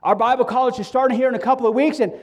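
A man's voice: extremely high pitch, steady tone, racing, lo-fi sound. A middle-aged man preaching a sermon as pastor, impassioned and acting out prayers and quotes, often stammering as he restarts.

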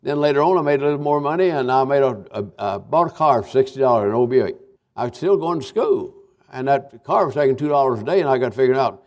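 A man's voice: medium pitch, animated, brisk, darkish tone, dull audio. Folksy older preacher man. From Kentucky. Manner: folksy, repetitive, with restarts and fillers. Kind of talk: revival sermon.

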